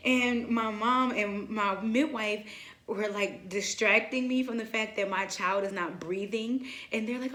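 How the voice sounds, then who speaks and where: Animated young woman in a roomy echo. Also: a little high, moderate pace. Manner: animated, quotes herself in lively asides. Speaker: vlogger. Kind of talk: casual storytelling.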